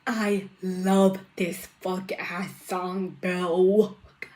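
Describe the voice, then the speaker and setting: A woman's voice: on the low side, flat delivery, extremely slow, slight background noise. A woman in her twenties reacting to music, emotional and swearing constantly. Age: 20s. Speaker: reaction youtuber. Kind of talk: casual reaction chat with singing along. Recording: music playing loudly behind.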